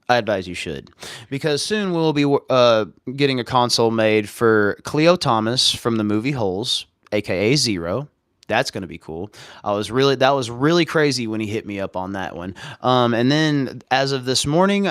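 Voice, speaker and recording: A man's voice: medium pitch, clear, resonant tone, dry recording, clean studio sound. A man, hosting a casual livestream about modding game consoles in a goofy, rambling, slangy way. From Arkansas. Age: 30s. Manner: rambling, goofy, slangy, bursts into silly voices. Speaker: livestream host, console modder.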